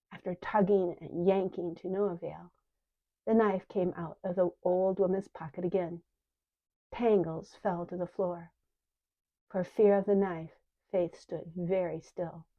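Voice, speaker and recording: An older woman, an author narrating her own book in calm, even storytelling. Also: fairly low pitch. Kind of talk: audiobook narration. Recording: dull lo-fi recording.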